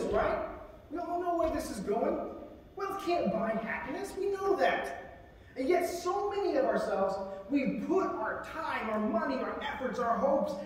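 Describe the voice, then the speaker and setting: Heard from a distance in a big, echoey chapel, a high-voiced male military chaplain delivers a sermon. He keeps it conversational and voices the scripture quotations distinctly, while a long reverb rings out and a faint hum lingers underneath.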